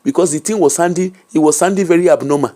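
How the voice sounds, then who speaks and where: Speaking fast in a lowish voice, a Nigerian-accented woman tells a personal story candidly as an interview guest. She's animated and emphatic, mixing Pidgin and Yoruba into her English.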